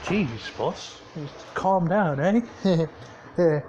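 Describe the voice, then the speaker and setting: A man's voice: on the high side, expressive, very slow, a little mellow, muffled recording, a little hiss or hum. Man voicing a cowering ork sidekick, nervous and placating, fan-story character. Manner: placating and jittery.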